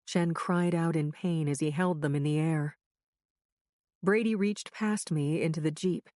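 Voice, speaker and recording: A woman's voice: lowish voice, darkish tone, no room sound, studio quality. A woman narrating a crime thriller audiobook in the first person with a tense, urgent reading.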